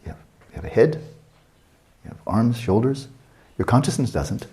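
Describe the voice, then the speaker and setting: A man in his sixties teaching a meditation retreat, talking calmly and reflectively and asking many searching questions. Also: medium pitch, normal speed. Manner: calm, reflective, asks many rhetorical questions.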